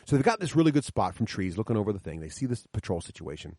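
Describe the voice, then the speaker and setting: A middle-aged man talks enthusiastically about running tabletop games for his children, walking through the rules one step at a time. His delivery is quick, with lively swings in pitch. The sound is dry and close. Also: slightly rough, dry recording. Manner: enthusiastic, explains rules step by step, acts out players' lines. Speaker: podcast guest explaining his tabletop games with kids. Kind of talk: animated storytelling chat. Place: coffee shop, sit-down chat.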